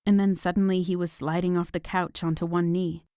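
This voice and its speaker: A woman narrating a romance audiobook in a calm, even storytelling manner. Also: lowish voice, fairly quick, clear, resonant tone, dry recording, clean studio sound. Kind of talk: scripted narration.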